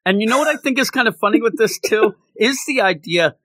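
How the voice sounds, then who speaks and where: Excitable male comic fan, high and bright, retells scenes animatedly. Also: a little fast, no echo. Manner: animated, laughs while retelling, acts out quotes. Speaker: comic book podcast co-host. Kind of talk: casual comic recap chat.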